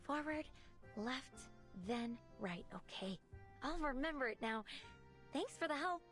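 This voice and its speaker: A woman's voice: sits high, animated, measured pace, a bit bright, faint music behind. A woman voicing a polite, absent-minded young woman in a game who keeps losing her way. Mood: puzzled. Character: forgetful young woman lost in a hospital.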